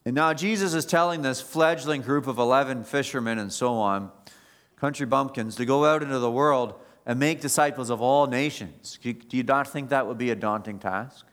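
A man giving a sermon as pastor, moving between quiet reflection and raised, emphatic preaching. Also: medium pitch, normal speed.

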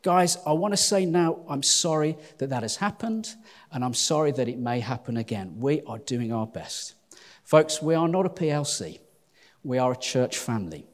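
A man leading a church, giving announcements and opening a sermon to his congregation in a lively, self-deprecating, joking manner. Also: fairly high pitch, long reverb tail. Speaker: church leader. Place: church hall.

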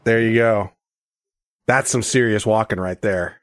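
A man's voice: lowish voice, fairly even intonation, unhurried, dry recording, clean studio sound. A man hosting a podcast, chatting loosely and cursing freely. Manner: loose, profane banter. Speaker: podcast host. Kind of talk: casual chat.

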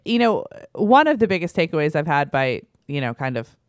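A woman's voice: deep voice, very animated, a little fast, no room sound, studio quality. A woman in her thirties, a mother hosting a casual parenting chat, telling stories with lots of fillers. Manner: chatty, storytelling, many fillers. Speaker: podcast host and mother.

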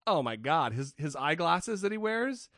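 A man's voice: a little high, big pitch swings, moderate pace, a bit bright, no echo, clean studio sound. Profane, joking podcast co-host man. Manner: profane, joking, stumbles and restarts often. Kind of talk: casual skeptic podcast chat.

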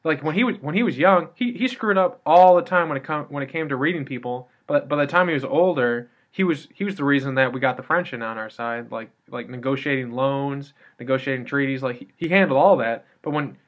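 A man's voice: mid-range voice, a little fast, hardly any pauses. Chatty American man, lo-fi. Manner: chatty, tangential, heavy use of "like". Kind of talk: casual chat. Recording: dull lo-fi recording.

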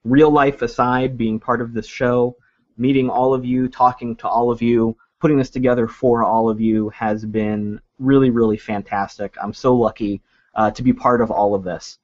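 A man's voice: medium pitch, flat delivery, normal speed, a little mellow, no echo. A man co-hosting a gaming podcast, joking and heartfelt, with some hesitation. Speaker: podcast co-host. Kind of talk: casual podcast chat. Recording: dull lo-fi mic.

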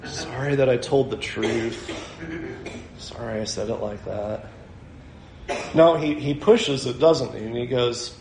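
A man preaches a sermon with a high voice. He talks in an animated way and acts out the voices of the people in his story. The sound rings around an echoey room. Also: normal speed. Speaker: pastor.

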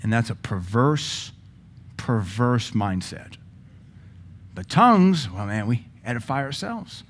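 Lively joking male pastor preaching. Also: mid-range voice, slow pace, a little hiss or hum. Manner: lively, joking, bursts into praying in tongues. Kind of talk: sermon teaching.

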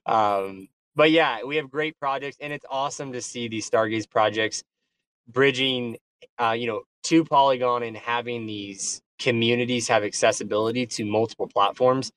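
A man talking loosely on a group call, often stumbling and repeating himself as he thanks people. His pitch sits in the middle, and a faint hum of ambience runs behind him. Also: fairly even intonation, normal speed, fairly bright tone. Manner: hesitant, repeats words, effusive. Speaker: guest on a community call. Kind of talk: casual chat.

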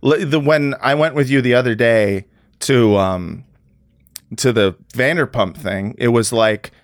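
A man hosting a comedy podcast, joking loudly and laughing, often slipping into silly put-on voices, with lots of swearing. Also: medium pitch, measured pace, dry recording, clean studio sound. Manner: animated, laughing, profane, slips into joke voices. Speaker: podcast host. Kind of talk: casual comedic chat.

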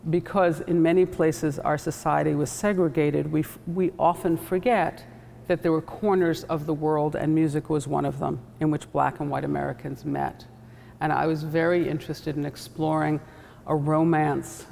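A woman author with a measured, thoughtful delivery, reading from her novel and reflecting on it. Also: deep voice, gravelly, a little mellow. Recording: echoey hall, faint background noise.

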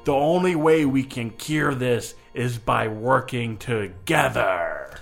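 A man's voice: medium pitch, takes it slowly, creaky, soft background music. A man playing his character in a tabletop game, playful and joking. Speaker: player.

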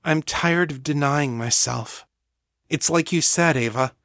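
Narrator voices a bold, teasing young man, slow and close. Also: fairly bright tone, no room sound. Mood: urgent. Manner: low and teasing.

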